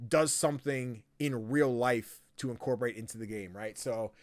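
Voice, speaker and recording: A young man hosting a podcast, chatting casually and acting out quotes in lively voices. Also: mid-range voice, moderate pace, no room sound, clean studio sound. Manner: animated, quotes himself and others in lively voices. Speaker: podcast host. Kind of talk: casual chat.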